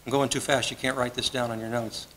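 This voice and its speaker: A man's voice: mid-range voice, flat delivery, quick pace, fairly bright tone, poor audio. A man preaching a sermon as pastor, earnest and conversational, often repeating his phrases. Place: church sanctuary.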